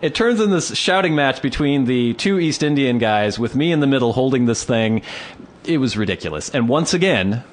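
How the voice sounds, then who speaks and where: A man's voice: medium pitch, normal speed. A man co-hosting a podcast, telling stories in casual chat and acting out the voices of people in them. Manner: animated anecdotes, acting out voices. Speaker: podcast co-host.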